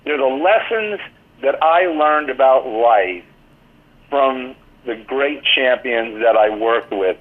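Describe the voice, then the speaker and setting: An older man speaks slowly and expressively in a mid-range voice over a tinny phone-line call. The guest in a casual interview, he once worked as a team athletic trainer and is now an author, and his anecdotes ramble along with plenty of "you know."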